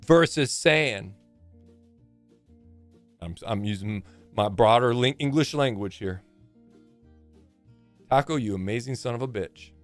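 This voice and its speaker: A man's voice: mid-range voice, animated, slow pace, long pauses, dry recording, soft background music. A man in his forties chatting casually on a live game stream, rambling and joking with plenty of swearing.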